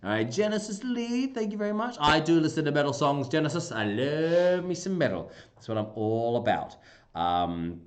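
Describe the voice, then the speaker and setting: An Australian man hosting a casual livestream, talking in an animated, jokey way. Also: a little high, normal speed. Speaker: livestream host, heavy metal singer.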